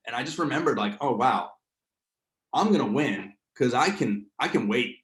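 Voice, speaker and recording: A man's voice: medium pitch, animated, normal speed, a bit bright, roomy sound. A man with a New Jersey accent, leading a real estate training session in a casual, slangy way, full of fillers. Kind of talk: casual coaching talk.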